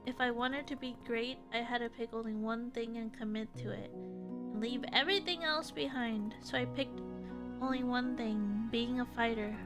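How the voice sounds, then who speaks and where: A woman's voice: fairly high pitch, fairly even intonation, moderate pace, music in the background, close to an everyday voice. A woman reading as a driven woman fighter. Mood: earnest. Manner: earnest, determined. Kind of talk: reading game dialogue aloud.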